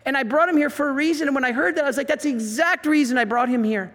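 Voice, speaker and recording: A man, a priest giving an animated talk full of stories and acted-out quotes. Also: very high voice, very fast. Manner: animated storyteller, acts out quotes. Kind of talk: preaching talk. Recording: reverberant hall.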